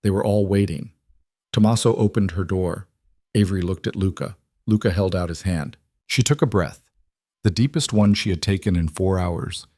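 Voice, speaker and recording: Male narrator, deep-ish, measured, dry studio read. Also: no echo. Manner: measured, even storytelling. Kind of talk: scripted story narration.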